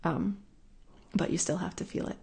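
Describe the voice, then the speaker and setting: A woman's voice: lowish voice, fairly even intonation, normal speed, gravelly, darkish tone. A woman hosting a casual live talk, answering viewers in a rambling, earnest way that keeps circling back and repeating itself. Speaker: host answering viewer questions.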